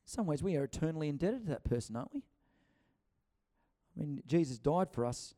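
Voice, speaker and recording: With a fairly high, dark-toned voice, this man preaches briskly and very animatedly. His sermon is loose and chatty, full of acted-out quotes and sentences he begins again.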